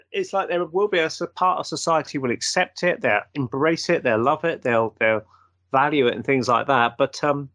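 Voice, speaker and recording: A man's voice: fairly high pitch, moderate pace, a bit bright, dry recording. A man hosting a paranormal show, telling long, rambling anecdotes in casual conversation.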